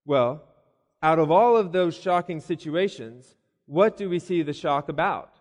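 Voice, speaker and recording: High-voiced preacher in a church hall. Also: male voice, animated, measured pace. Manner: storytelling with voiced asides and hesitant restarts. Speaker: pastor. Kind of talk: sermon. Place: church building. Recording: long reverb of a church hall.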